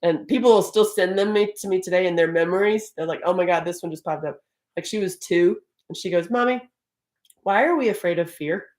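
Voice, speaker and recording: Lively middle-aged woman hosting a live stream. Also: lowish voice, fast talker. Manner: animated, laughs often, Southern-tinged "y'all". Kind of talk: casual live stream talk.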